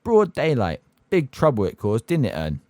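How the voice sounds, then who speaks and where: A man voicing a gossipy young male bus conductor, excitable and rambling, for an audiobook. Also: medium pitch, normal speed, no echo. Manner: excitable, rambling, keeps seeking agreement. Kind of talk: audiobook character voice.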